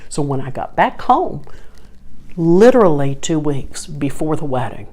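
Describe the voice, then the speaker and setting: An older woman giving a spiritual talk, telling lively stories and slowing down to stress her points with earnest emphasis. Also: deep voice. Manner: animated storyteller who acts out dialogue, then slows to earnest emphasis. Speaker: spiritual teacher.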